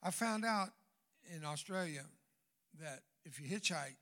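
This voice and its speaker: Older man, Southern American accent, guest preacher, fairly high voice, storytelling sermon, dramatic hushed-to-loud swings, joking asides. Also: expressive, measured pace. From Southern United States.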